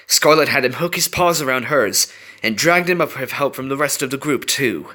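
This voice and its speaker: A man reading fan fiction aloud in an expressive, storytelling way. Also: mid-range voice, normal speed. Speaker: reader.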